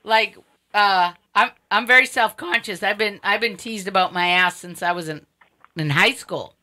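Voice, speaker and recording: Bright-voiced woman, blunt and halting. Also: mid-range voice. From Sicilian heritage. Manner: hesitant with many fillers, bluntly joking. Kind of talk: casual live-stream chat.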